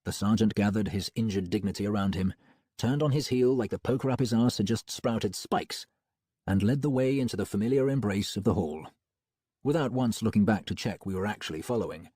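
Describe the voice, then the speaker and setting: A man narrating an audiobook in the first person, wry and expressive, on a close studio mic. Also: lowish voice, brisk, breathy edge, no echo. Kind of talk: scripted narration.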